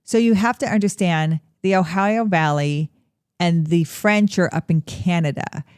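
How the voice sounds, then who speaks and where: Lowish-voiced woman explaining history. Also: a little slow, darkish tone, smooth, dry recording, clean studio sound. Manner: explanatory, storytelling. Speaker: podcast co-host and historian. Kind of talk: casual history discussion.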